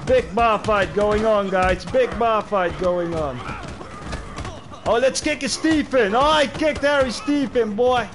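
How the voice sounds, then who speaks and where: A man's voice: high-pitched, takes it slowly, noisy background. A man livestreaming a game, chatting casually and greeting players as bro. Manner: friendly, greets players, calls them bro. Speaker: game streamer.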